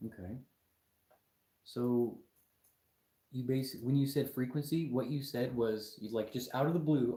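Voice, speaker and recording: A young man lectures his live-stream chat in an argumentative, mocking way. His voice is mellow and dark in tone. It sounds like a room with a lot of echo. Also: mid-range voice, a little slow, long pauses. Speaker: livestream host.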